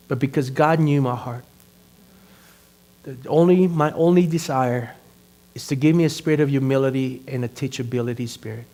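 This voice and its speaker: A male pastor preaching a conversational sermon that grows loud and animated, full of rhetorical questions. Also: medium pitch.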